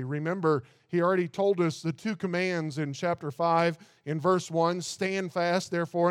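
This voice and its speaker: A man delivering a sermon in a high, smooth and clear voice, recorded dry and close. He preaches earnestly and with emphasis, stumbling over repeated words as he builds his points. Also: no echo. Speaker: pastor.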